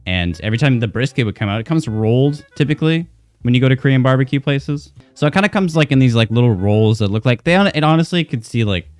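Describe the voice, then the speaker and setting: A young man streamer rambling through a funny story, animated and cursing freely, full of restarts. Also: medium pitch, fast, soft background music. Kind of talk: casual storytelling.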